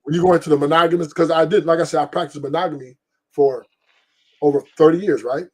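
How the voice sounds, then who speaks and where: A man's voice: on the high side, fairly even intonation, fast talker, darkish tone. A middle-aged man hosting a stream, talking bluntly and profanely in a rambling, casual way and laughing often. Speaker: podcast host. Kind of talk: casual opinion talk on a live stream.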